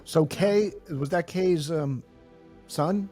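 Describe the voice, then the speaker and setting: A man's voice: a little high, slow pace, warm tone, faint music behind. A man hosting a podcast, asking questions in a casual, plain-spoken way. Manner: casual, slightly rough-spoken, grateful. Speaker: podcast host.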